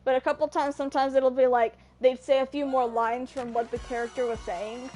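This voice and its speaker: A young woman streamer talks in a high, light voice, chatting casually to her viewers. She rambles earnestly and keeps breaking off mid-sentence to restart. Her delivery stays loose and unscripted throughout. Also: little pitch movement, brisk, a little mellow, soft background music. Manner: rambling, self-interrupting, earnest. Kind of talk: casual storytelling on a live stream.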